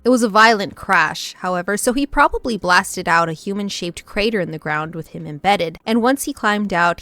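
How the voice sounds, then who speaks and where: A woman's voice: lowish voice, a bit bright, no echo. A woman reading a novel aloud and reacting as she goes. She often laughs, squeals and breaks off mid-sentence.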